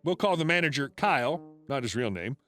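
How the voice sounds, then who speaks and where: A man narrating internet stories in a wry, expressive scripted read. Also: medium pitch, brisk. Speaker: story narrator. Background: faint music.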